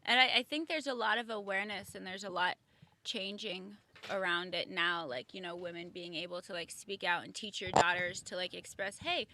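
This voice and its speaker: Bright-voiced woman, earnest chat. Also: mid-range voice, normal speed. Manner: earnest, thoughtful, animated when quoting people. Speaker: guest. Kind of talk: casual podcast chat.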